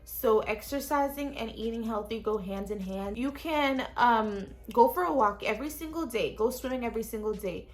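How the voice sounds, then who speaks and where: A chatty, frank young lifestyle vlogger speaks straight to viewers in casual self-help talk, swearing casually from a small, cluttered studio apartment. Her fairly high voice moves at a moderate pace with few pauses, and faint music plays behind her.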